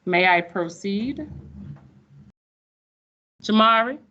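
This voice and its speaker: A woman's voice: mid-range voice, animated, drawn-out words, pushed and bright, dull audio, a little hiss or hum. A woman teaching a math class, sassy and playful with her students. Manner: sassy, playful, calls students sugar baby.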